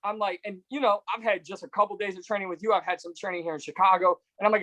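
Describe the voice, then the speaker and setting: A man's voice: high-pitched, fairly even intonation, pushed and bright, no room sound, low-quality recording. A man hosting a podcast interview, talking conversationally, telling stories and agreeing readily with his guest. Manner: conversational, storytelling, quick to agree. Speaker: podcast host.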